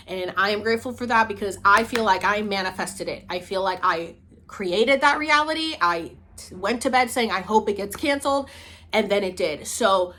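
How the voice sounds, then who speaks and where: A woman from Puerto Rico talking casually to camera as a vlogger, chatty and animated, dropping to low murmurs and jumping to high excited bursts. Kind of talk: casual talking-head vlog.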